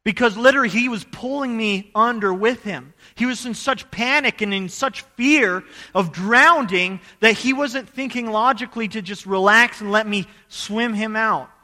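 A man from Idaho preaching a sermon, telling a personal story in an earnest voice that rises to loud, urgent bursts. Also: high voice, normal speed, hardly any pauses, long reverb tail.

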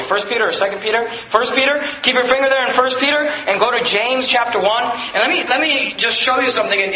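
A man's voice: high-pitched, pushed and bright, slight background noise. A male pastor preaching a sermon in a conversational way, full of rhetorical questions and casual asides. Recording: echoey room with faint ambience.

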